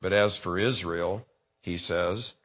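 A man's voice: low voice, fairly even intonation, takes it slowly, lo-fi sound. A man preaching a sermon, working through a Bible passage verse by verse and telling a vivid story to make his point. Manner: expository preaching with vivid illustrations. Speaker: pastor.

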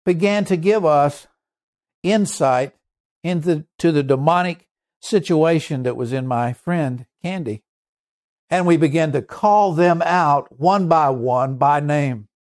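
A male preacher telling a testimony in a sermon, earnest and emphatic, slowing down to stress key points. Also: fairly high pitch. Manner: earnest, emphatic storyteller with shifting pace.

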